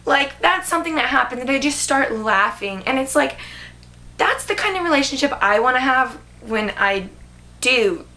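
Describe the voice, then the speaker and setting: A woman's voice: sits high, animated, moderate pace, bright, forceful tone. Bubbly young woman gushing about a movie. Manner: gushing, filler-heavy, many "like"s. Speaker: vlogger. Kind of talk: casual movie review chat.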